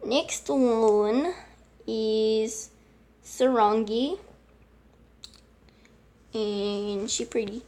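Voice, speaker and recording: Female host, higher register, unhurried pace, scattered casual game commentary, voice prone to squeaky cracks. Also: fairly even intonation, dark tone. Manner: chatty, scattered, talks to her game animals and screen. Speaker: channel host showing a game collection. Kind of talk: casual screen-recording commentary.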